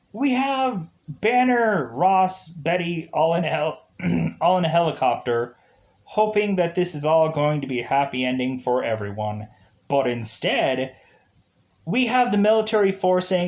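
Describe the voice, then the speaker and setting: A man's voice: sits high, darkish tone. A man casually reviewing a movie, laughing often and acting out quotes as he retells it.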